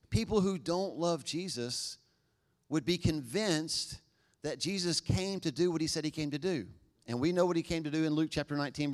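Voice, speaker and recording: Casual, joking man preaching a sermon. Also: fairly high pitch. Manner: conversational, joking, animated acted-out quotes. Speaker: pastor.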